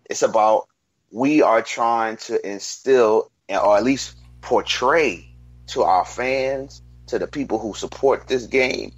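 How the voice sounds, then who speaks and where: A man with a husky voice makes his case in a heated sports debate, firm and emphatic. The recording is dull and lo-fi, with a dry sound. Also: mid-range voice, dry recording. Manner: emphatic, deliberate, argumentative.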